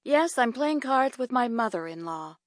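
An actress playing a friendly wife and teacher who answers the phone in a scripted language-lesson dialogue. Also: female voice, on the high side, lively intonation, normal speed, no room sound, clean studio sound, natural voice. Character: young wife and evening teacher.

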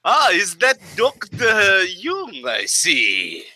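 A man voicing a spooky adult mansion owner in a tabletop game, high and drawn out. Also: huge pitch swings, very slow, sharp tone, full character voice. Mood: spooky welcome.

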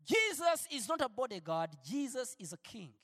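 High-voiced impassioned male preacher. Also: very animated, normal speed, big-room sound. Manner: impassioned, preaching, swings from soft to shouted. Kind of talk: sermon.

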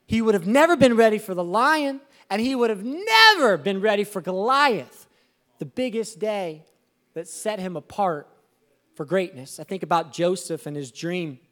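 A man preaching a sermon as a pastor, animated and swelling to emphatic exclamations. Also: high voice, moderate pace.

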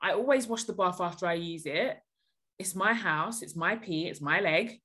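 A woman's voice: on the low side, moderate pace, pushed and bright, slightly rough. A woman hosting a podcast, giving blunt, emphatic advice in casual chat.

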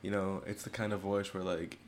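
A man's voice: low voice, flat delivery, fairly quick, a little hiss or hum. A man hosting a casual podcast chat, talking in a loose, rambling way and laughing often. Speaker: podcast host.

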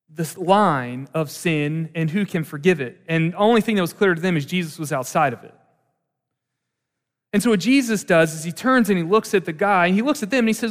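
Male pastor, slightly high voice, lively conversational preaching, long hall reverb. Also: normal speed. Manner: conversational, animated preaching with asides. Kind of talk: sermon.

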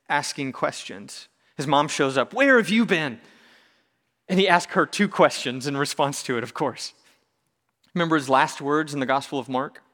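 A man preaching a sermon in a conversational, animated way with touches of humor. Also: fairly high pitch, big-room sound. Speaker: pastor.

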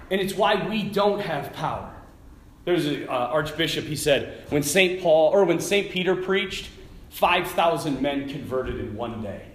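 A middle-aged man giving a lively faith talk to a live audience, telling stories and tossing asides to the listeners. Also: on the high side, a little hiss or hum. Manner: animated storytelling with asides to the audience. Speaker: Catholic speaker. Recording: echoey hall with faint ambience.

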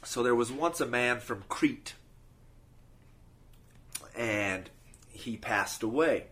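A man's voice: mid-range voice, animated, slow pace, fairly bright tone. A man hosting a podcast, telling short stories in an easygoing way with frequent restarts. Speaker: podcast host. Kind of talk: casual storytelling.

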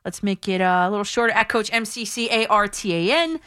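A woman's voice: mid-range voice, quick pace, a bit bright, clean tone, dry recording, studio quality. A woman hosting sports talk radio, opinionated and chatty, often restarting her sentences. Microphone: studio mic.

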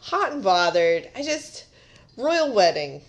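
A woman co-hosting a casual podcast, talking in loose, rambling sentences and laughing easily. Her voice moves through a wide, lively pitch range. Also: slow. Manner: giggly, chatty, rambling. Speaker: podcast co-host. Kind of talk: casual comedic chat.

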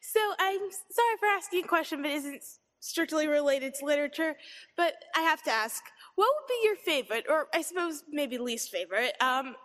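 A woman's voice: sits high, animated, brisk, a bit bright. A woman in the audience asking a question, hesitant and apologetic.

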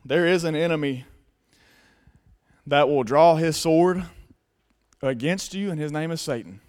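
A male pastor preaching a sermon earnestly, dropping to hushed tones and rising to loud emphasis. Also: a little high, unhurried.

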